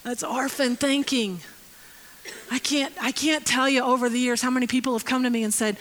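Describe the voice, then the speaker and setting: A woman's voice: high voice, fairly even intonation, moderate pace, fairly bright tone, low-quality recording. A woman in her fifties preaching a conversational sermon as pastor, acting out quotes and stories. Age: 50s. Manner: conversational, acts out quotes, laughs often.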